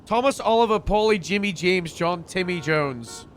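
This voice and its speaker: A man's voice: high voice, animated, normal speed, a little hiss or hum. A man streaming a game, chatting casually and amused with himself. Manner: chatty, laughing, self-amused. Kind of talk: casual gameplay chat.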